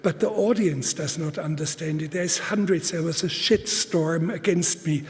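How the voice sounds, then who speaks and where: A man gives a live conference talk in deliberate, halting speech, with fillers and restarts, stressing points by repeating words. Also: fairly high pitch. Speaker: conference speaker. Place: large auditorium. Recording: long hall reverb.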